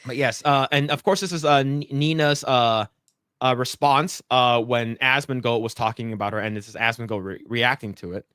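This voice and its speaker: A man hosting a podcast, talking in an animated, rambling way with many fillers. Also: mid-range voice, moderate pace, clear, resonant tone, no room sound, studio quality. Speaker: podcast host. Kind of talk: casual commentary.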